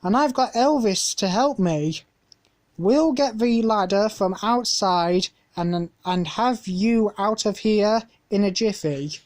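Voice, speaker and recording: A woman's voice: mid-range voice, slow pace, darkish tone, dry recording, lightly acted. A woman voicing a bossy, teasing young boy in a storybook reading.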